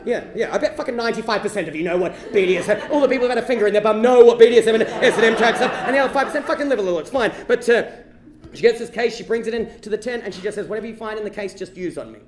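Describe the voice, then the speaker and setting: A male comedian telling a long true story to a live audience. His voice sits high and he talks quickly, dropping to a hush and then bursting out loud. The sound rings around a roomy theatre. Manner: animated, swings from hushed to shouting. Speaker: stand-up comedian. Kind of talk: storytelling stand-up. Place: stage before a live audience.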